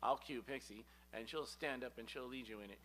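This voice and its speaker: A man's voice: medium pitch, a little fast. A male musician chatting and joking with a congregation as he sets up a sing-along. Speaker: church musician. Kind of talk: casual talk to a congregation. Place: spiritual center service room. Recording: live speech over loud piano.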